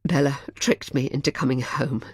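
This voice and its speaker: A woman voicing a heartbroken young man in an audiobook, speaking in a hushed, choked, halting way. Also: mid-range voice, fairly even intonation, breathy edge, no echo, studio quality. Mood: distraught. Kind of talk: audiobook character voice.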